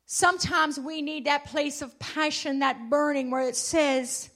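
A woman preaching a sermon with passion, calling out to the congregation and swinging between loud and hushed. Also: high-pitched, steady tone, unhurried, few pauses. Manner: calls out to the congregation.

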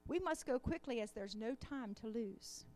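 A woman reading aloud as Henny Penny, a fretful hen who believes the sky is falling, in a softer, lower storybook voice. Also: expressive, moderate pace, a little hiss or hum, close to an everyday voice. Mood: alarmed. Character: anxious hen, female, sure the sky falls.

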